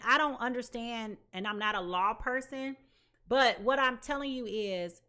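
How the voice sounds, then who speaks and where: A woman giving a live tarot reading, chatty and slangy, talking straight to her viewers and swinging between loud and soft. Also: a little high. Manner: chatty and slangy, addresses viewers as y'all and child. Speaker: tarot reader.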